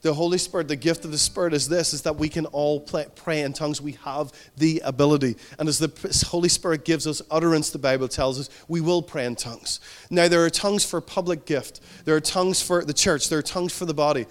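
A man preaching from the pulpit, his voice sitting a little high for a man. He drives points home with repetition and rising emphasis, then drops into soft, tender stretches. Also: steady tone, quick pace. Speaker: pastor. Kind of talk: sermon.

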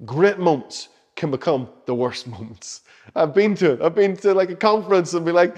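A man's voice: high voice, animated, brisk. Impassioned male preacher in a reverberant hall. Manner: passionate, shifts between loud urging and soft hushed lines. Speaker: pastor. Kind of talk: sermon.

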